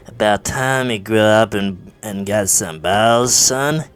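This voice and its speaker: A man voicing a crude, smug teenage friend in a comedy skit, lecturing in a cocky, lewd, drawn-out way. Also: lowish voice.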